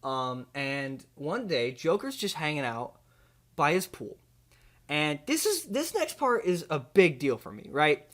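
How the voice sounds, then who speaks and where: A young man hosting a comedy video, pitching an absurd movie in a rambling, deadpan way full of fillers. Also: a little slow.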